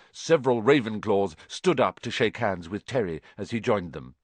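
Guy reading a storybook out loud, super lively pitch, dry close mic. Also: no echo. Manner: expressive, animated storytelling. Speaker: narrator. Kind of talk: audiobook narration.

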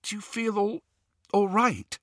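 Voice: mid-range voice, fairly even intonation, a little slow, a bit bright, dry recording, studio quality, pitched above the performer's own voice, natural voice. A reader voicing an anxious, caring teenage girl witch who speaks urgently and with worry. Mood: worried. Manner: urgent, worried.

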